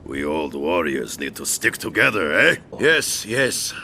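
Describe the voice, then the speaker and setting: An actor playing a jovial, friendly old male warrior master, speaking with a Russian accent in a hearty, gruff way. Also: low-pitched, very animated, unhurried, bright, forceful tone, slight background noise, heavily acted.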